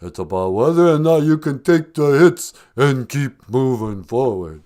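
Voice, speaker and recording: Casting: man doing laid-back boxer-star type, low slurred drawl, lively swings in pitch. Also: unhurried, lightly acted. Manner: slurred tough-guy talk. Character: mumbling tough-guy boxer movie star, male, middle-aged, laid-back. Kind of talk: comedic impression.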